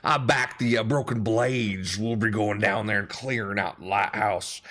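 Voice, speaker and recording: A man's voice: lowish voice, fairly even intonation, normal speed, fairly bright tone, close to an everyday voice. A man voicing a boisterous, pot-bellied male tiefling showman with grandiose, folksy sales patter in a tabletop game. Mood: boastful.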